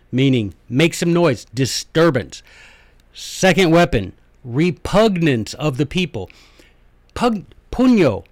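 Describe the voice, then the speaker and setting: A man's voice: medium pitch, no room sound. A middle-aged man with a light Southern US accent, hosting a folksy, chatty lecture full of emphatic asides. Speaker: host.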